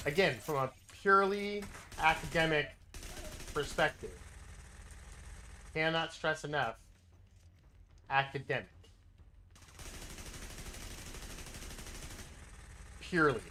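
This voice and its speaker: A man with a bright, fairly high voice tells a story over his livestream. He rambles, restarts his sentences and swears freely, with a faint hiss behind him. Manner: rambling, self-interrupting, swears casually. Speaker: livestreaming gamer. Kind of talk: casual storytelling while gaming.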